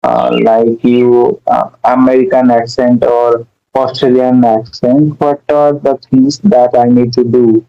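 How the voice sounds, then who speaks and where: Guy, really slow and hesitant, smooth clear voice but muffled lo-fi audio. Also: medium pitch, flat delivery, soft background music. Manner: hesitant, many fillers. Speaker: temporary teacher asking for advice. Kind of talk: casual conversation. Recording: dull lo-fi sound.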